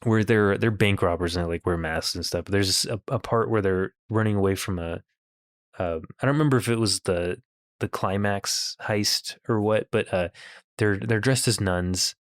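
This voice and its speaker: A low-pitched man co-hosting a casual comedy podcast, laughing often as he reads comments and rambles through stories. The sound is dry and close, with no room around it. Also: moderate pace, no room sound. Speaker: podcast co-host.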